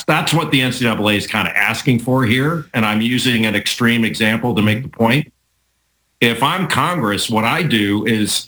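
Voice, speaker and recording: A man talking through a legal argument in a casual sports debate, measured with frequent restarts. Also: medium pitch, pushed and bright, low-quality recording.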